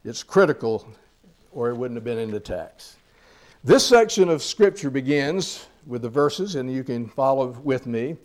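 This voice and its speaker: A man's voice: mid-range voice, expressive, measured pace, a little mellow. A man preaching a sermon, reading scripture aloud and explaining it with rhetorical questions. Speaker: pastor.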